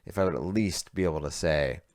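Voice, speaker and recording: A man with a notably deep, low voice co-hosting a podcast. He tells rambling stories in casual chat, circling back and restarting his sentences as he goes. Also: a little fast, darkish tone. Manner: rambling, storytelling, many fillers and restarts. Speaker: podcast co-host.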